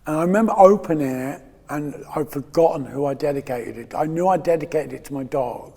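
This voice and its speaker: A man's voice: on the high side, fairly quick, vocal fry, mellow, breathy edge, long reverb tail. Emotional man in his fifties, rambling. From England. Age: 50s. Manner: rambling, emotional, frequent laughter and self-interruptions. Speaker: interview guest, DJ and author. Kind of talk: candid interview conversation.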